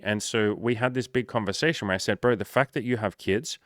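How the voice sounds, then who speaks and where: A man with a lowish voice talks like a life coach in a loose, profane monologue, acting out back-and-forth dialogue with mounting energy. The sound is dry and close, with no room around it. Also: a little fast, no room sound. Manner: animated, swears often, acts out dialogue with rising energy.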